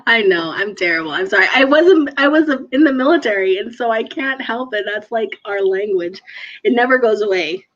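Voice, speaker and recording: A woman's voice: a little high, moderate pace, lo-fi sound. A woman chatting as an interview guest, telling stories with a laugh. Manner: laughing, animated storyteller. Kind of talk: casual chat.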